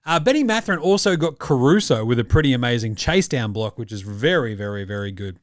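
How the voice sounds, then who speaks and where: A man's voice: medium pitch, lively intonation, a little fast, dry recording, studio quality. An Australian man hosting a casual sports reaction podcast, talking in a blunt, jokey, profane way. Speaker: podcast host.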